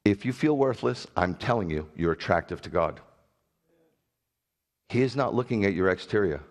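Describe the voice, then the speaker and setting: A middle-aged man preaching a sermon as pastor, animated and jokey, with sudden loud bursts. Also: fairly low pitch, normal speed.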